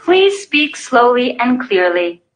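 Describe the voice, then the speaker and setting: A woman playing a calm, politely repetitive voice-activated elevator in a comedy sketch. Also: on the high side, slow pace.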